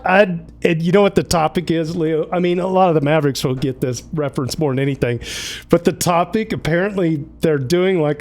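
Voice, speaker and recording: A man hosting a casual livestream, upbeat and chatty, running through announcements and names. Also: fairly high pitch. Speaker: livestream host.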